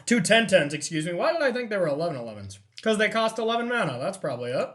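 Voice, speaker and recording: A man's voice: high-pitched, sing-song, quick pace, a bit bright. Man thinking aloud over a card game. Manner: thinks aloud, counting and checking plays. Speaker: host playing a card game. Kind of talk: casual gameplay commentary.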